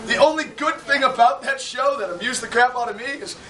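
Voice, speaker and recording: A man's voice: extremely high pitch, fairly quick. A man performing a whip-cracking act live, rambling and teasing the crowd with jokes. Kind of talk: live comedic stage patter. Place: large hall with a live audience. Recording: echoey, distant, crowd noise.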